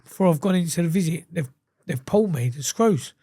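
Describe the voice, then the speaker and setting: Clean, dry studio audio captures a man from England whose voice sits on the high side and moves briskly. As a guest on a podcast, he chats casually, telling blunt, swearing, animated stories with frequent restarts.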